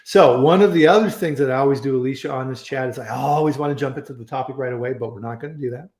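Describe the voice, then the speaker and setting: A man's voice: medium pitch, fast, darkish tone. Chatty male live-stream host, echoey room. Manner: chatty, rambling, frequent restarts and fillers. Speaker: host of a live online food safety chat. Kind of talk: casual live-stream chat. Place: home in Colorado. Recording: roomy echo.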